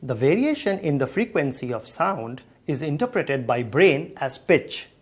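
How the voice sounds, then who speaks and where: A man's voice: a little high, very animated, a little slow, breathy edge. A man patiently explaining sound waves in a scripted educational dialogue. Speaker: science explainer.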